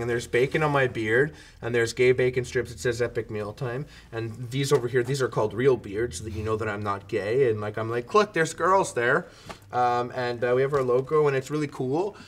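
A man chatting casually as a guest, joking loudly and breaking into shouts. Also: medium pitch, steady tone, a little fast, hardly any pauses. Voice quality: loud jokey banter, bursts into shouts. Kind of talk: casual chat.

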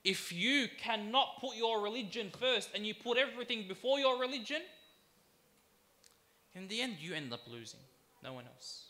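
A man giving a sermon as a sheikh. He talks emphatically, repeats phrases for weight, slows to stress key words and calls the audience brothers and sisters. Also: high-pitched, animated, sharp tone. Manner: emphatic, with deliberate repetition. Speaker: sheikh giving a religious talk.

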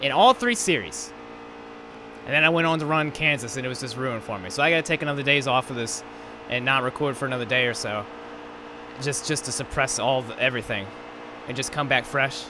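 A man's voice: medium pitch, a little fast. A man hosting a gaming channel, commenting live on a racing game in a frustrated, profane rant. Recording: race car engine noise behind. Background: racing game engine sounds.

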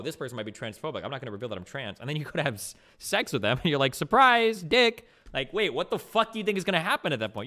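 A man's voice: a little high, pushed and bright. A man streamer arguing heatedly, swearing freely and filling his talk with "like". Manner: argumentative, swears freely, full of "like". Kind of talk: heated debate.

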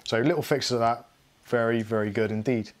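A man's voice: medium pitch, steady tone, brisk. A middle-aged man hosting a live tech stream, rambling and self-mocking as he goes through his tools. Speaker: tech channel host. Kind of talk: casual live unboxing chat.

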